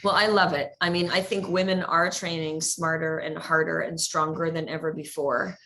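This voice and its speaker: A middle-aged woman chatting as a guest in an interview, energetic, laughing often and repeating words as she talks. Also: low-pitched, normal speed. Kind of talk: casual interview chat.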